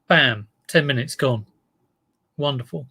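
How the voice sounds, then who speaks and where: A man's voice: mid-range voice, unhurried, pushed and bright, husky. Chatty man greeting viewers. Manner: chatty, greeting viewers by name, rambling asides. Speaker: online reseller streaming live. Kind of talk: casual live-stream chat. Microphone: desk mic in front of him.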